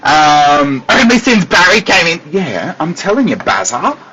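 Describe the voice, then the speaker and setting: An Australian man, a psychic medium, chatting casually with viewers on a livestream from his desk, animated and laughing often. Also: on the high side, unhurried, a little hiss or hum. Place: at a desk at home. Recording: dull lo-fi livestream audio.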